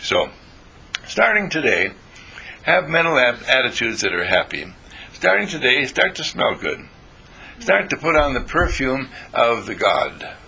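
Older guy rambling thru a spiritual pep talk, gravelly, husky, lively ups and downs. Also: medium pitch, measured pace. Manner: folksy, playful, meandering. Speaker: teacher of a spiritual group.

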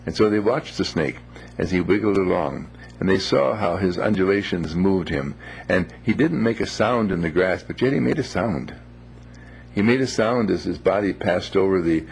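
A man telling a moral story in a gentle, unhurried, folksy way, with homely phrases. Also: sits low, gravelly, slight background noise.

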